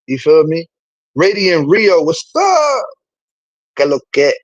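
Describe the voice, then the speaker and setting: A man, chatting casually to a live stream audience in an animated, rambling way, swearing often. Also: on the high side, slow, dry recording, lo-fi sound.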